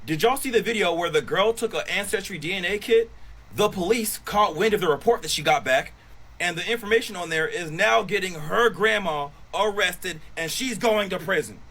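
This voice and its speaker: Man, high voice, casual storytelling, animated, swears, acts out each quote. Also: normal speed, a little hiss or hum, rough recording. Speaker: storyteller on social video.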